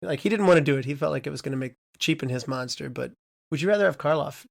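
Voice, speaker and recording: Man, podcast host, fairly high voice, inquisitive, casual. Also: fast, creaky. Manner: inquisitive, asks questions to guests.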